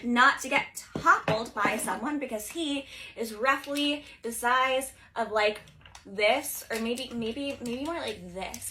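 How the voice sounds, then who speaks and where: A young woman retelling movie scenes in casual, animated commentary full of filler words. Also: sits high, slight background noise, poor audio. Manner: animated, fast-talking, lots of filler words. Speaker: social video creator.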